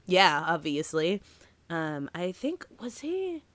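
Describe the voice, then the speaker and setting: Female co-host from Massachusetts, lower register, animated casual chat with lots of laughs and "like". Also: slow pace, no echo. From Massachusetts, USA. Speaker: podcast co-host.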